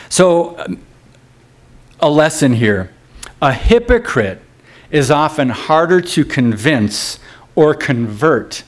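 A pastor preaching a sermon in a loose, conversational way, with asides, restarts and quick laughs. His voice climbs sharply whenever he quotes scripture or acts out a crowd. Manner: rises sharply in pitch when quoting scripture and crowds.

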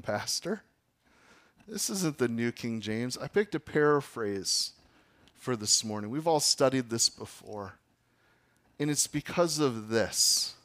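A man delivers a sermon with a bright, ringing voice and an unhurried pace. He swings dramatically between booming declamation and near-whispered passages, as a pastor addressing his congregation.

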